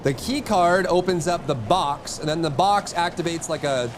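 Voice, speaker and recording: A man's voice: normal speed, background noise. A man streaming live, talking his chat through a game and yelping at enemies. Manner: excitable, jumps to high yelps and mock insults at enemies. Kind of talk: live gameplay commentary.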